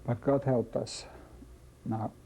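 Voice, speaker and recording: An older man from Czechoslovakia, telling his life story in an oral history testimony, halting and slow, repeating phrases as he remembers. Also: medium pitch, flat delivery, creaky, warm tone. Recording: dull lo-fi recording, faint hiss.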